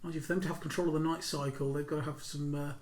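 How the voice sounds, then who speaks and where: A man's voice: a little high, flat delivery, very fast, crowd noise. A man playing a tabletop game, hesitant and repeating words as he plans tactics. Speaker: player. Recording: echoey room.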